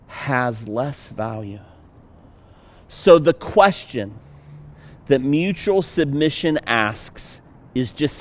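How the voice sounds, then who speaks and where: A male pastor with a Pittsburgh accent preaching a sermon in a conversational, joking way with fillers. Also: medium pitch.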